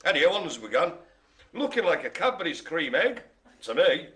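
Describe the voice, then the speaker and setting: A man's voice: a little high, sing-song, brisk, a bit bright. A man hosting a live-streamed bingo game, joking and playing the showman as he calls out each item. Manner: jokey, playful, showman-like. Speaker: bingo caller and host.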